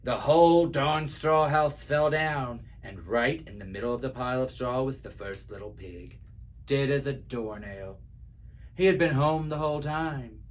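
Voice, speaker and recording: A library storyteller reads a children's story aloud, voicing an easygoing male wolf who gives his own side in a chatty, wry, confiding way. His mid-range voice sounds natural and unhurried, with a sly mood.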